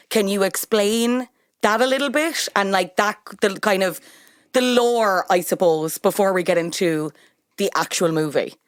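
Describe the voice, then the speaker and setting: A woman's voice: on the low side, no room sound, clean studio sound. A woman hosting a podcast, asking her guest guiding questions in casual chat and encouraging him along. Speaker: podcast host.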